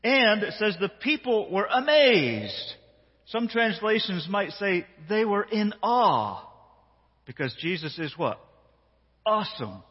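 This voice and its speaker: Animated pastor with a husky voice. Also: male voice, high-pitched, takes it slowly. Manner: animated, playful, acts out the story. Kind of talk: sermon with dramatized reading. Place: church hall. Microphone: handheld mic. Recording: dull sound, long hall reverb.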